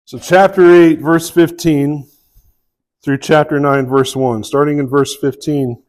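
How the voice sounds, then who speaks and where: A man with a Southern US accent preaching a sermon to a live congregation, telling a story in a relaxed way with many fillers. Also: fairly high pitch, measured pace. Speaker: pastor.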